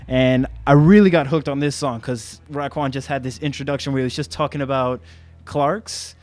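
A man's voice: medium pitch, fairly even intonation, moderate pace, a little mellow. A young man talking bluntly and cheekily about records, swearing freely. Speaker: shop visitor sharing records. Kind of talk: casual chat. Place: record shop in a venue.

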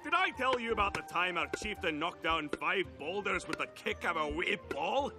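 A booming voiced pony warrior. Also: male voice, expressive, normal speed, music in the background. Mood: nostalgic. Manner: booming, jovial storyteller. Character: burly hearty old-time stallion warrior, boisterous. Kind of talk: cartoon voice acting.

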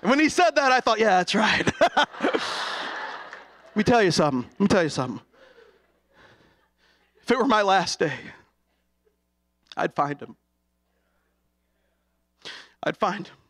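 A middle-aged man preaching an impassioned sermon, going from hushed to shouting. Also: high-pitched, big pitch swings, measured pace, pauses often. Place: college chapel.

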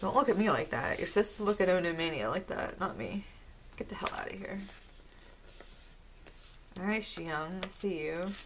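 A woman vlogger talking through an album unboxing, gushing and excitable as she speaks to the camera. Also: on the low side, normal speed, long pauses, slight background noise. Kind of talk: casual unboxing commentary.

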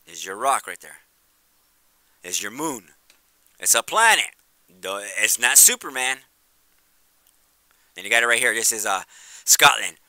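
Excited man pointing out sky footage. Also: fairly low pitch, moderate pace, pauses often, no room sound. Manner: soft-spoken and apologetic. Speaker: video creator. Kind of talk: casual vlog commentary.

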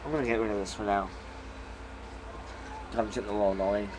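A man's voice: fairly low pitch, steady tone, quick pace, background noise. A young man casually vlogging from a bedroom at home, rambling in an easygoing way while chewing gum, recorded on a camera mic. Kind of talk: casual vlog chat.

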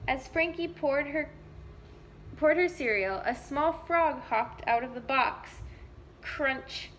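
A woman volunteer reading a picture book aloud to young children, slow, gentle and clear. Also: on the high side, a little hiss or hum. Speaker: volunteer story reader. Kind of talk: children's story read-aloud.

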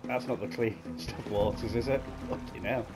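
A man's voice: mid-range voice, fairly even intonation, moderate pace, over loud music. A man giving crude, swearing, mocking commentary while playing a game. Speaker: gaming streamer. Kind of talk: gameplay commentary.

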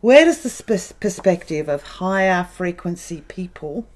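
A woman co-hosts a live question session, reading each listener's question aloud. Her pitch moves a lot as she reads, and between questions she answers with brief agreeing words. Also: animated, measured pace, darkish tone.

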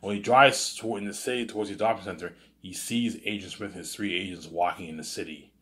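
A man casually pitching a story idea out loud, rambling with lots of restarts and asides, and now and then swearing. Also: fast. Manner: rambling, with many restarts and "you know what I'm saying". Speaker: host.

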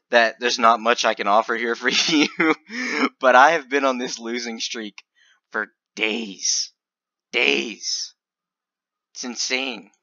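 A man commentating his online gambling in a casual video, stammering and swinging between loud excitement and quiet muttering. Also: mid-range voice, no echo, muffled recording. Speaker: gaming video creator.

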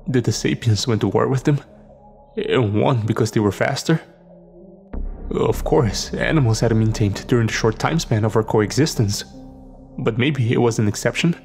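Gravelly man narrating horror. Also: medium pitch. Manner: steady dramatic storytelling.

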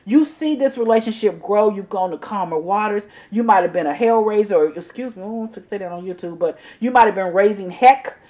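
Speaking briskly with few pauses, a woman with a mid-range, darkish voice reads tarot in an earnest, uplifting way. She's emphatic, circles back over the same points, and addresses the listener as "honey," along with the occasional "y'all."

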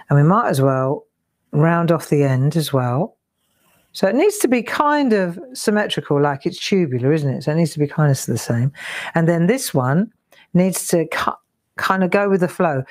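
Low-voiced chatty woman teaching crafts. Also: a little mellow. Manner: chatty, self-deprecating, counts strokes aloud. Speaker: craft tutor. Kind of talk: live craft demonstration. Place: home craft studio.

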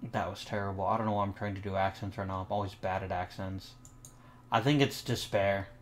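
A man's voice: low voice, fairly even intonation, fairly quick, slight background noise. A young man hosting a let's play of a baseball management game, talking through his choices and sarcastically snapping back at his own virtual players. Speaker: gaming channel host.

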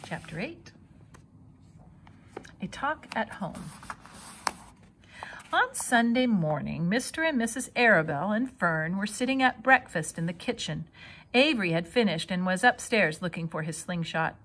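A woman reading a children's novel aloud in a lively, expressive way. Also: medium pitch, a little slow, long pauses, slightly rough. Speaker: storybook reader.

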